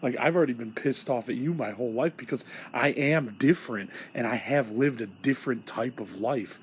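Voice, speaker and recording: A man's voice: medium pitch, a little fast, slight background noise, poor audio. A young man from Illinois hosting a solo podcast, venting in a rambling, profane, agitated way. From Illinois, USA. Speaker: podcast host.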